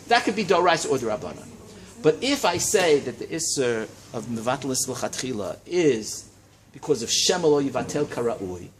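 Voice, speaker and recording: A man teaching a Talmud class in a study hall, lecturing in a lively way and checking in with his students. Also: medium pitch, slight background noise. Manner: animated, lively teaching with frequent check-ins and rising emphasis.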